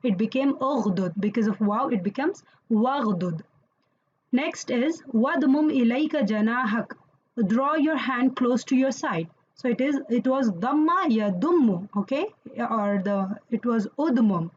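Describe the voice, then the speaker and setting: A woman's voice: a little high, animated, unhurried, highs cut off, slight background noise. A woman teaching Quranic Arabic grammar in an online lesson, explaining patiently and checking in with listeners as she goes.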